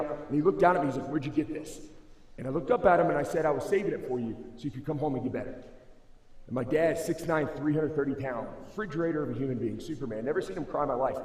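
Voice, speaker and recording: Young male motivational speaker, slightly high voice, slangy and emphatic, booming reverb of a big hall. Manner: casual and slangy, calls listeners bro and dude; emphatic, swings between loud and hushed. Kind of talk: motivational school assembly speech. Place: large school assembly hall. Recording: echoey hall, long reverb.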